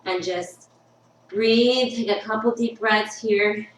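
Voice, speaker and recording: A woman's voice: medium pitch, fairly even intonation, slow pace, slight background noise. A woman leading a home workout as a fitness instructor, upbeat and encouraging, chatting and telling stories between cues. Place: her workout studio, indoors. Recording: echoey room with faint music.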